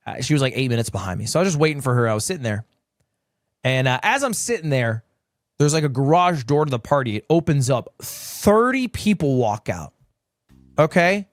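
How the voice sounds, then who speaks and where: A man in his twenties telling a rambling story on his stream, swinging between low mutters and high exclamations. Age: 20s. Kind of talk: casual storytelling.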